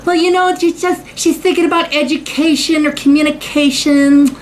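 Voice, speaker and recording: A man's voice: very high voice, fairly even intonation, normal speed, a little hiss or hum, voice pushed up, low-quality recording. A man imitating a chatty suburban mother in a mocking, sing-song voice. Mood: airy, mocking.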